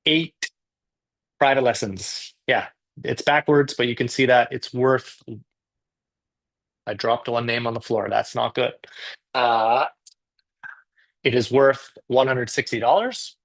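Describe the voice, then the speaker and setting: A Canadian man with a gravelly edge to his mid-range voice hosts a live English class. He chats loosely and cracks self-deprecating jokes as he talks to his viewers. He sounds relaxed and informal. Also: medium pitch, unhurried, long pauses. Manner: chatty, joking, self-deprecating. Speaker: English teacher. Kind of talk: casual live class talk.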